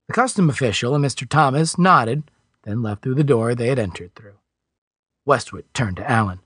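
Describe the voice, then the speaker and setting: A man reading a science fiction audiobook in scripted narration with expressive, varied delivery. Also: medium pitch, normal speed, slightly rough, no echo, studio quality.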